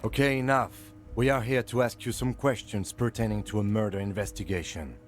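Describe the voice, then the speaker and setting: An actor playing a calm, businesslike male police officer in a video game, speaking in a measured, curt way. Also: fairly low pitch, faint music behind, close to an everyday voice.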